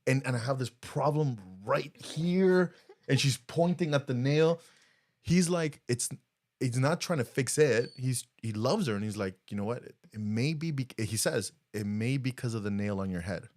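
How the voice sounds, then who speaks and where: Co-hosting a podcast, a man with a mid-range voice chats casually at a moderate pace. He's an animated storyteller who acts out quotes as he tells a story.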